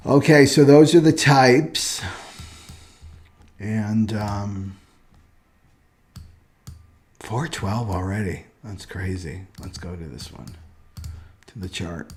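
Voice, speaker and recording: A man's voice: fairly low pitch, takes it slowly, pauses often, slightly rough. A man hosting a casual livestream on astrology, talking loosely and ending many points with "right?".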